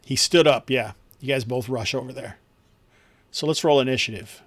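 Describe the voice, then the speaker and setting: A man's voice: mid-range voice, moderate pace, a bit bright, no echo. A man running an online tabletop game as game master, easygoing and chuckling as he explains the rules.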